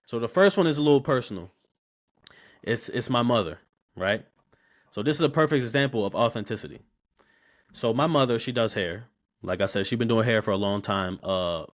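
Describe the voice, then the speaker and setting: Animated young man. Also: medium pitch, a little fast. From Baltimore, USA. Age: 20s. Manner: animated, slangy, repeats words when starting sentences. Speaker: podcast guest, barber. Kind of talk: casual interview storytelling.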